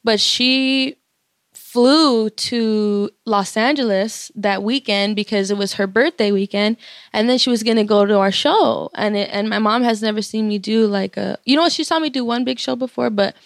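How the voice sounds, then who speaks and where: A woman's voice: on the high side, moderate pace, dry recording, studio quality. A young woman rapper in her twenties telling a story casually, full of swearing, fillers and laughter. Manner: loose, profane, many fillers, laughs often.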